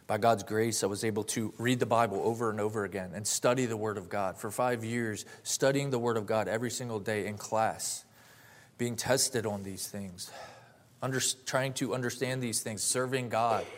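A man's voice: fairly low pitch, fairly even intonation, normal speed. A man in his late twenties giving a personal testimony and sermon, earnest and heartfelt, rising to fervent emphasis. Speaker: preacher.

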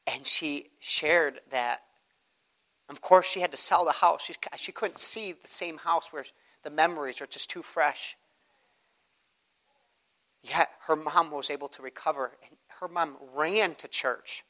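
A man, a pastor and father, preaching a sermon and praying, swinging from hushed prayer to loud, high emphasis. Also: measured pace, rough recording. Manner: rises to loud, high preaching, then drops to soft prayerful tones.

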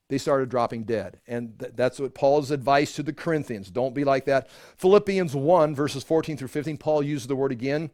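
A man's voice: on the high side, a little mellow, no room sound, studio quality. A man leading an informal Bible study for a small group, talking conversationally with many restarts and the odd chuckle.

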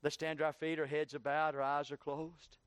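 Male pastor, high voice, fervent sermon delivery, dry close recording. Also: monotone, moderate pace, fairly bright tone, clean tone, no room sound. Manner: preaching with rising, heated questioning. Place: church.

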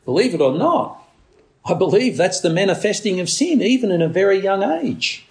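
A man's voice: sing-song, moderate pace, vocal fry, a little mellow. A man preaching a sermon in an earnest tone, who now and then mimics a demanding baby. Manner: earnest preaching, acts out a baby's demands in a shrill voice. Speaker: pastor.

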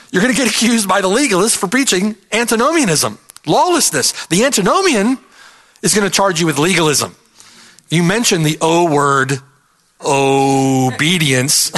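A man's voice: on the high side, bright, forceful tone. A man preaching an expository sermon in an emphatic, earnest way, repeating his key points for stress.

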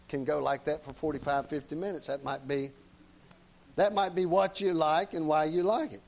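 A male preacher delivers a sermon in a folksy, down-to-earth manner. His voice sits slightly high for a man. He keeps turning to the congregation with short tag questions. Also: moderate pace, some chatter behind, poor audio.

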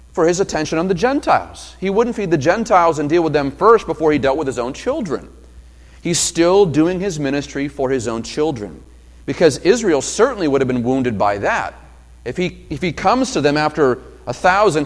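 Male pastor, expository preacher, high and very animated, acts out quoted speech, long hall reverb. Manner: expository preaching with rhetorical questions; dramatizes quoted speech with sudden loud swells. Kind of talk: sermon. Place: church sanctuary.

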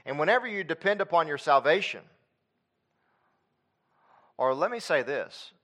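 Male pastor, higher-pitched voice; preaches with repeated emphatic lines and quieter asides. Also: sing-song, normal speed. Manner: emphatic, repetitive preaching cadence. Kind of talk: sermon.

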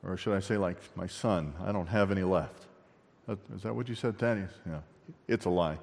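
Pastor preaching in an echoing hall. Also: male voice, a little fast, gravelly. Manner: conversational, with rhetorical questions to the congregation; swings between loud emphatic bursts and quiet low asides. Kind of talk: sermon. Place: church sanctuary. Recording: long reverb of a church hall.

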